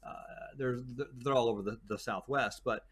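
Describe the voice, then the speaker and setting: A guest who works as a desert tour guide chats casually, telling stories in a rambling way with many fillers and restarts. His medium-pitched voice is a bit bright, with fairly even intonation at normal speed.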